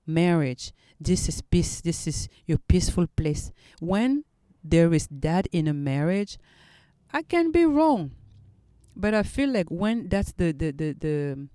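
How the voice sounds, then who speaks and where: A woman hosting a solo podcast, speaking in an earnest, reflective way with halting restarts. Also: deep voice, mellow, no room sound, studio quality. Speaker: podcast host.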